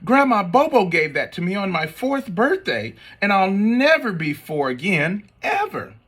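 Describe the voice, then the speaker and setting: A man's voice: high-pitched, very animated, a little slow, fairly bright tone, husky, voice pushed up, full character voice. A man voicing a dramatic little boy who pleads to keep his toys. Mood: pleading. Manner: pleading, melodramatic.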